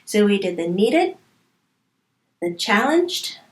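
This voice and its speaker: A woman's voice: mid-range voice, sing-song, slow pace. A woman speaking as a medium in a channeled spiritual talk, stressing points by repeating words. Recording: roomy echo.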